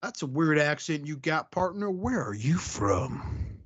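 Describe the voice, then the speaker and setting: A man's voice: a little high, very animated, a little slow, breathy edge, heavily acted. A rowdy, boozy robot truck driver, as a man puts him on in a toy podcast, slurring his words and spoiling for a fight. The voice sits raised above his normal register and sounds dull and lo-fi. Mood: drunk rowdy. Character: drunk, crude male robot truck driver. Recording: dull lo-fi audio.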